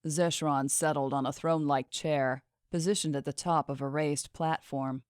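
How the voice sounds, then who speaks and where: A woman narrating a fantasy audiobook in a measured, expressive reading. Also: low-pitched, no echo, clean studio sound. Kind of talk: scripted fiction narration.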